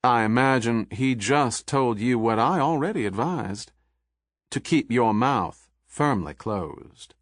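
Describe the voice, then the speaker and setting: A man voicing a suave federal agent with a Southern accent, smooth, pleasant and coolly polite. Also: mid-range voice, animated, takes it slowly, no echo, studio quality.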